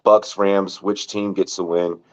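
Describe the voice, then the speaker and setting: In dull lo-fi audio, this fantasy football podcast host keeps a low, level voice and a measured pace. The sports chat is casual and rambling, packed with repeated words and "like," and includes some swearing.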